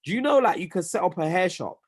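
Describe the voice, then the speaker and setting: A man's voice: high-pitched, animated, fast. Reflective man with a Nigerian-tinged accent. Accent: Nigerian-tinged London. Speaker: podcast co-host, business owner. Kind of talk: casual group chat.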